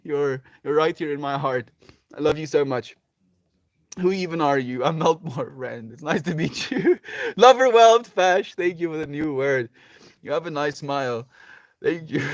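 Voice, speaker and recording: A man's voice: mid-range voice, dry recording. A sleep-deprived man rambling affectionately on a livestream, reading chat aloud and laughing often.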